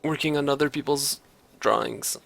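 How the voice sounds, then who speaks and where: A man's voice: on the high side, steady tone, normal speed, gravelly, fairly bright tone. A man chatting casually on a livestream while he critiques and redraws art, joking with mock outrage and mocking himself. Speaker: art streamer giving drawing critiques.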